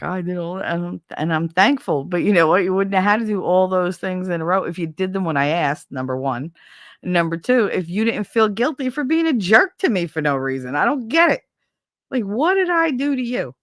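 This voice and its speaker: A woman's voice: fairly low pitch, no room sound, studio quality. Blunt, swearing middle-aged woman ranting. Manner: blunt, profane, exasperated ranting. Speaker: livestream host. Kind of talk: casual venting monologue.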